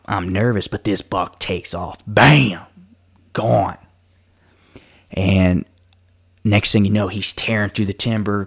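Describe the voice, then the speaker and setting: A man's voice: lowish voice, creaky. A man telling a story in casual conversation, acting out the quoted lines and rambling with lots of fillers and restarts. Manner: animated storyteller who acts out quoted dialogue; loose and rambling, many fillers and self-restarts.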